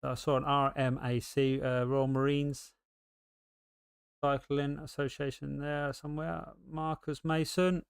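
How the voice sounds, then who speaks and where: A man's voice: mid-range voice, little pitch movement, a little slow, vocal fry, clean tone, dry recording, clean studio sound. A British man giving casual live race commentary, rambling and full of ums and restarts.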